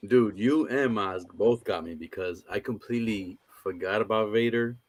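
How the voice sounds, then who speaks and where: Laid-back low-voiced collector guy. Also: normal speed, no room sound. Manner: easygoing, says "man" a lot. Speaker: collector, stream guest. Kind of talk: casual chat.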